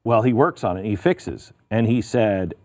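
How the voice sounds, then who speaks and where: A man's voice: on the low side, normal speed. A middle-aged man hosting a talk show, chatting casually about politics and telling stories with animation. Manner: animated, storytelling. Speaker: show host.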